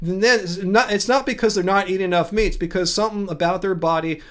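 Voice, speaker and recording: Chatty high-voiced man hosting a livestream. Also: fast talker. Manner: chatty, laughs often, reads and answers chat. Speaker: livestream host. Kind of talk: casual livestream chat.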